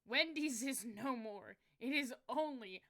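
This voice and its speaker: A woman chatting casually on a livestream, excitable and foul-mouthed, who yelps and swears when things go wrong. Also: a little high, measured pace. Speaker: streamer.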